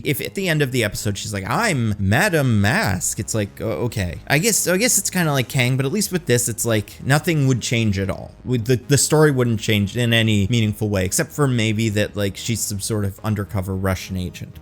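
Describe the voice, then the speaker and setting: A man hosting a casual fan-theory commentary, chatty and rambling, saying "like" often. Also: mid-range voice. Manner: chatty and rambling, heavy use of "like". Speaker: host of a movie and TV commentary channel.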